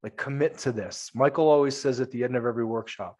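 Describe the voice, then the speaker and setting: A man's voice: mid-range voice, fast talker, hardly any pauses, a little mellow. A man, a men's coach and podcast guest, speaking earnestly and emphatically in casual conversation, with lots of coaching-style repetition.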